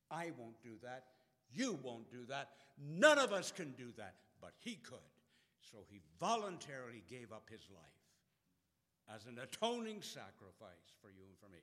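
A male preacher delivers a sermon at a mid-range pitch. His voice swells loud on quoted verses and falls soft and low between them. A long reverb hangs after each phrase, as in a large church. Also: sing-song, normal speed.

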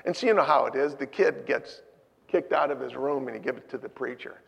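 Slow, gravelly preacher in a reverberant hall. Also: male voice, mid-range voice, muffled recording. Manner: storytelling, swinging from loud exhortation to hushed asides. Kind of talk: sermon.

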